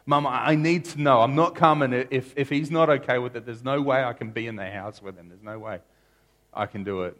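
A man's voice: lowish voice, level tone, moderate pace, pauses often, lightly acted. A man doing an anxious, desperate young son. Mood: urgent. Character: anxious grown son desperate to come home.

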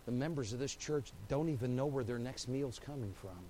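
A man preaching a sermon as pastor. He swings from hushed, slow lines to loud, driving buildups and repeats phrases in rising, rhythmic runs. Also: medium pitch, a little hiss or hum, rough recording.

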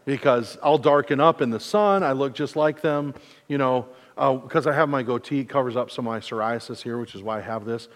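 This fortysomething pastor from mid-Michigan preaches fairly quickly at a medium pitch, and a long reverb tail trails his words. His sermon is casual and self-mocking, with quotes he acts out.

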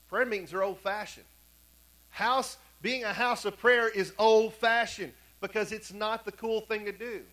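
A man preaches from the pulpit of a church, his voice high and notably bright. He tells long stories, dropping to near-whispers for quiet moments and rising again to drive home repeated points. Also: low-quality recording. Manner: storytelling preacher, swings from hushed to emphatic. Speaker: pastor. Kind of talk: sermon. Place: church sanctuary.

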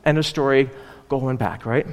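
In a large hall, a pastor gives an expository sermon on a scripture passage in a mid-range voice at a moderate pace. He keeps it conversational, full of asides and tag questions like "you know, right?"

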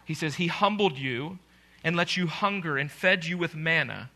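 A man's voice: a little high, moderate pace, pushed and bright. A male pastor preaching a sermon, emphatic and full of rhetorical questions to his congregation.

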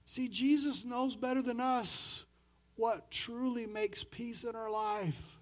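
Male pastor with a high voice, preaching casually and acting out quotes. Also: steady tone, slow. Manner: swings between loud and soft. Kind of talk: sermon.

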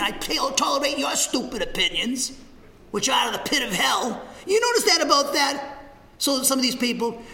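A man preaching a sermon, animated, swinging between raised, shouting passages and hushed asides. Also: extremely high pitch. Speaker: pastor. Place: church sanctuary. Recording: reverberant church sanctuary.

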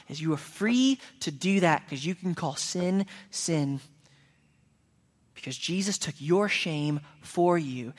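A man preaching a sermon as pastor, earnest, raising his voice for emphatic quoted lines. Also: fairly high pitch. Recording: long reverb of a hall.

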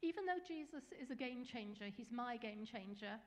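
A woman's voice: fairly high pitch, lively intonation, normal speed, in a large hall. A woman preacher giving an earnest, encouraging sermon with small fillers.

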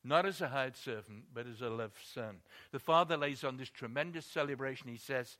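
A man's voice: medium pitch, normal speed, hardly any pauses, sharp tone. A man preaching a sermon, telling a story expressively and building emphasis on key points.

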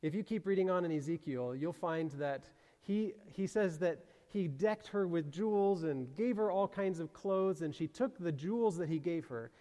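A man's voice: sits high, moderate pace, hardly any pauses, warm tone, long reverb tail. A man preaching a sermon in a loose, conversational way, thinking aloud and reading scripture aloud.

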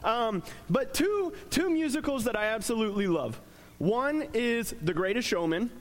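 A man's voice: extremely high pitch, lively intonation, normal speed. A young man giving a casual, joking sermon as a pastor, talking conversationally with plenty of fillers.

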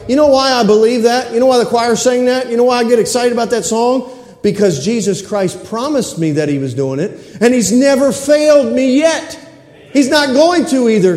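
A man preaching a sermon as pastor in a church, excitable and calling out for amens from the congregation. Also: very high voice. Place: church sanctuary. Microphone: stage microphones. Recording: echoey church hall.

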